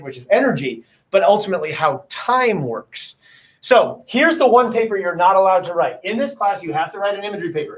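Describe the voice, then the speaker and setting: A man's voice: high-pitched, fairly bright tone, low-quality recording. A male teacher giving a casual classroom lecture on a novel, chatty and acting out back-and-forth exchanges with students.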